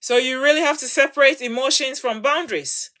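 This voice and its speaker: This high, bright-voiced woman hosts a livestream and talks fairly quickly to her followers, offering advice. Her delivery is preachy and forceful, with repeated words used to hammer each point.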